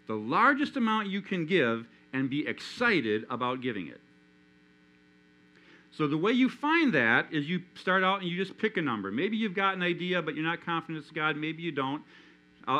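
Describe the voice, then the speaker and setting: A man preaching a sermon in a church, animated, acting out the inner voices of his listeners. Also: fairly high pitch, poor audio. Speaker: pastor.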